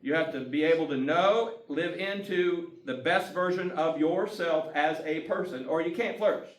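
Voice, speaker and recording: A man's voice: on the high side, moderate pace. A man giving a casual, folksy community talk as a guest speaker, often chuckling between points. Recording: echoey room, mic far off, guitar music.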